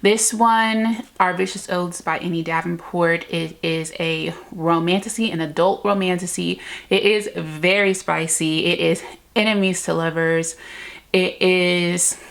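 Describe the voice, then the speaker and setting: A woman's voice: fairly low pitch, steady tone, a little slow, creaky. A woman chatting casually in a book vlog, effusive and gushing, full of "like" fillers. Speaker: book vlogger. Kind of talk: casual reading vlog chat.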